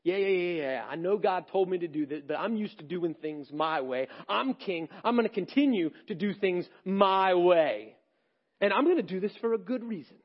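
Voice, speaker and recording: A man's voice: high voice, expressive, moderate pace, highs cut off. A man voicing a proud, self-assured biblical king who boasts and justifies himself. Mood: scheming.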